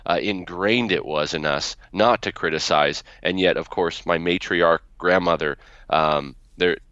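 A man's voice: low voice, fairly bright tone, dry recording. A man being interviewed as a guest author on a podcast, telling family stories with frequent restarts. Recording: dull, lo-fi.

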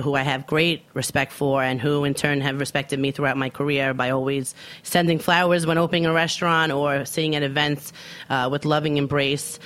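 A woman in her thirties, a chef from Brooklyn, telling stories in a casual interview and acting out the dialogue as she goes. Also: low voice. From Brooklyn, New York, USA. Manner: animated storyteller who acts out quoted dialogue. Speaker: chef, guest.

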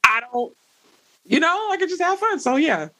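A woman, a podcast guest chatting in an animated way and often laughing as she tells stories. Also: extremely high pitch, normal speed. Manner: animated, laughs while telling stories, Southern slang. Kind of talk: casual conversation.

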